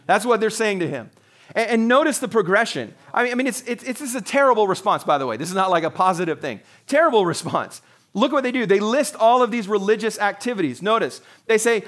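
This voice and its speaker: A man's voice: high voice, lively intonation, fairly quick, a bit bright. A man in his forties, a pastor, preaching a sermon in an earnest, conversational way with frequent restarts.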